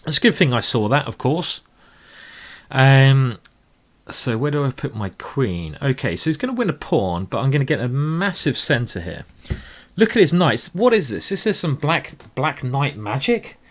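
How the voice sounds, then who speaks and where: A man's voice: mid-range voice, very animated, moderate pace. A man commentating live blitz chess games, rambling and emotional with tipsy asides. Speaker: chess streamer.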